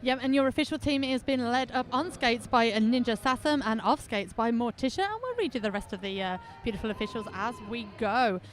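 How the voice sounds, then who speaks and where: A woman's voice: fairly high pitch, lively intonation, brisk, few pauses. A woman from New Zealand commentating a roller derby game live, chatty and playful, bantering with her co-commentator.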